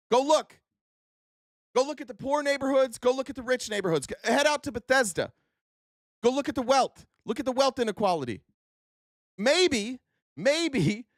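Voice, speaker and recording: A man ranting about politics on a stream, with a high, very lively voice that leaps around. He is sarcastic and swears a lot, dropping to a mutter and then blowing up. The sound is dry and close. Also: no room sound. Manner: heated, sarcastic, profane, swings from low mutter to loud outbursts. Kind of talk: unscripted political rant.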